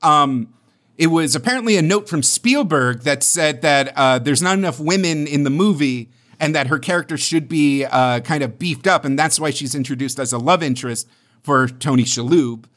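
A young adult man co-hosting a casual podcast, telling stories in an animated, rambling way. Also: on the high side, normal speed. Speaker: podcast co-host.

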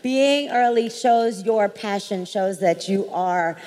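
Woman panelist spinning an expressive story on stage; long hall reverb and a little noise behind her. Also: medium pitch, slow pace. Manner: expressive, laughs often, acts out quotes. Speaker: entrepreneur on a live panel. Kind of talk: animated live storytelling. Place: large hall, live event on stage.

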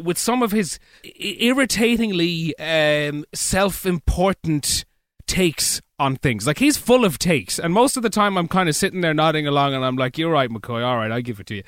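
A man's voice: on the high side, a bit bright, dry recording, studio quality. A man with an Irish accent, a podcast guest chatting casually, joking and rambling with frequent restarts. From Ireland. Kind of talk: casual chat.

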